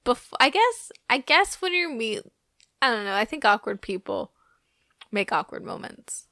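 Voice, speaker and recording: A woman's voice: a little high, sing-song, unhurried, creaky, pushed and bright, no echo, clean studio sound. A young adult woman co-hosting a podcast, chatting casually and playfully about a movie, with many fillers. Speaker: podcast co-host.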